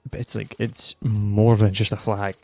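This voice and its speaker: A man's voice: lowish voice, little pitch movement, measured pace, gravelly, warm tone, a little hiss or hum. A young man from Scotland with a northern Scottish accent, ranting casually and heatedly, swearing often. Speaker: podcast rambler. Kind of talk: casual rant.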